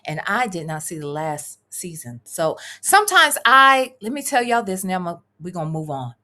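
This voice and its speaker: A woman with a bright, forceful voice that swoops up and down as she talks, speaking. She chats loosely on a live reaction stream, reads viewer comments aloud and drifts between topics. Her tone stays casual, she swears freely, and she laughs as she goes. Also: fairly low pitch, very animated, moderate pace. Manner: chatty, wandering, swearing freely, laughing asides. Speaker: commentary vlogger reading live chat.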